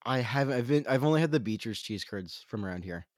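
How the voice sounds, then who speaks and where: Man co-host, mid-pitched, dry sarcastic jokes. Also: lively intonation, fast talker. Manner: joking, sarcastic. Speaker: podcast co-host. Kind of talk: casual chat.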